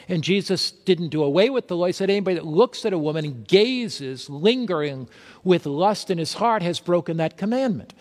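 A man's voice: sits high, expressive, normal speed. A man preaching a sermon, reading scripture aloud and posing rhetorical questions to his listeners. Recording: long hall reverb.

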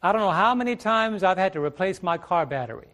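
High-voiced preacher asking the congregation questions. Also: male voice, lively intonation, quick pace, a bit bright. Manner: emphatic, rhetorical questions to the congregation. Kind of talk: sermon. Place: church stage. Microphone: stage microphone.

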